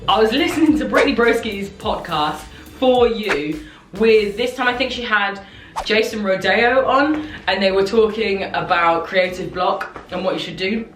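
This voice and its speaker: A woman's voice: medium pitch, normal speed. A young woman talking candidly and ramblingly to camera in a confessional vlog. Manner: rambling, candid, self-reflective. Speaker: content creator. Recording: echoey room, distant mic, soft music.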